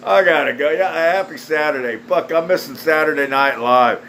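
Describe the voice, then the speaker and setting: A man's voice: a little high, normal speed, a bit bright, slight background noise, rough recording. A man delivering a blunt, foul-mouthed, scornful rant straight to camera. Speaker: video ranter. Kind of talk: angry profane rant.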